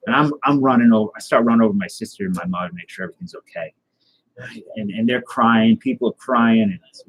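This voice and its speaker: A man hosting a casual live stream, rambling through a deadpan tall tale and chatting with viewers. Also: medium pitch, quick pace, slightly rough, rough recording. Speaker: host.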